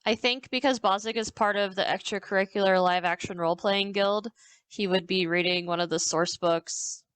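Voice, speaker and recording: A woman's voice: mid-range voice, fairly even intonation, moderate pace, fairly bright tone, clean tone, dry recording. Easygoing woman player, dry sound. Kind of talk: casual chat in a tabletop game.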